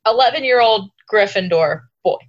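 A woman's voice: medium pitch, lively intonation, moderate pace. Woman, podcast co-host, sardonic, casual, dull lo-fi sound. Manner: sardonic, swears freely. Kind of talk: casual book-club chat.

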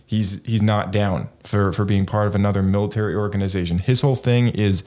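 Low-voiced rambling male co-host. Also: steady tone, brisk, hardly any pauses, a little mellow. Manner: rambling, filler-heavy, hedging. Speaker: podcast co-host. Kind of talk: casual chat.

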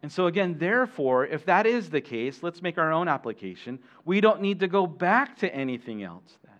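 A man's voice: fairly high pitch, sing-song, normal speed, a bit bright, highs cut off. A man preaching a sermon as pastor, talking conversationally with asides to the congregation and frequent restarts.

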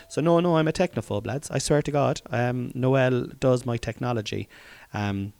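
A man's voice: medium pitch, normal speed, creaky, darkish tone. A man hosting his own comedy podcast, talking in a rambling, jokey way and swearing casually, recorded in a room at home.

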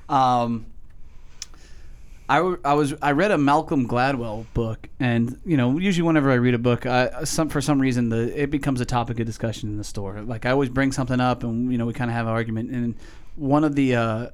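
A man's voice: mid-range voice, brisk, clean tone. Male co-host from New England, casual, profane, rambling storyteller. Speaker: podcast co-host, cigar shop worker. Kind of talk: casual chat.

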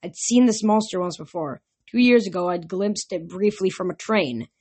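A woman narrating a novel aloud in a steady storytelling manner. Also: mid-range voice, normal speed, husky. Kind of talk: audiobook narration.

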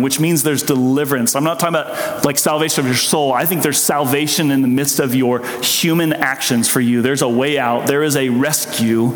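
A man preaching a sermon, telling his own story with earnest, emotional intensity. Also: medium pitch. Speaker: pastor. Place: church sanctuary. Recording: echoey hall with long reverb.

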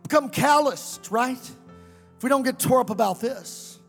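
A male pastor preaching a fiery sermon to a congregation, sometimes shouting and chanting his lines. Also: very high-pitched, normal speed, in a large hall, faint music behind. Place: church sanctuary.

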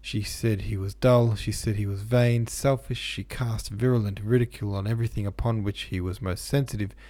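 A man reading a classic novel aloud as audiobook narrator, measured and expressive. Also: on the low side, no room sound.

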